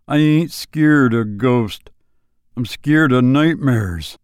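A man voicing a lonely backwoods boy who speaks in slow, flat, matter-of-fact rural talk. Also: mid-range voice, clean tone, no echo, clean studio sound, lightly acted. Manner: slow drawling rural speech, flat and unbothered.

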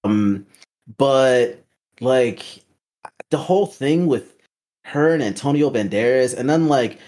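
A speaker in a casual movie chat who talks in an animated, fan-like way with quick rambling asides. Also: mid-range voice.

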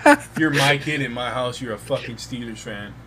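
A man's voice: medium pitch, normal speed, a crowd in the background, rough recording. A young man co-hosting a casual podcast, telling stories with lots of swearing. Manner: profane, storytelling. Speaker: podcast co-host. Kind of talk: casual chat.

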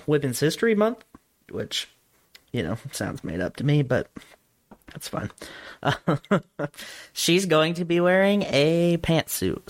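A man co-hosting a casual comedy podcast, joking crudely and rambling between laughs. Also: mid-range voice. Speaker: podcast co-host.

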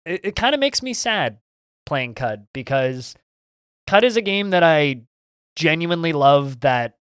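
Animated and slightly high-pitched, a podcast co-host rambles enthusiastically about video games at a measured pace, frequently stammering and starting over. His tone is a bit bright and clean, captured in studio quality with no room sound.

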